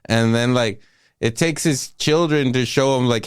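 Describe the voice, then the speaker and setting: A man's voice: medium pitch, measured pace, smooth, no room sound, studio quality. A man co-hosting a podcast, casually retelling a film with plenty of profanity and acted-out quotes. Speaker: podcast co-host. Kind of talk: casual movie-review chat.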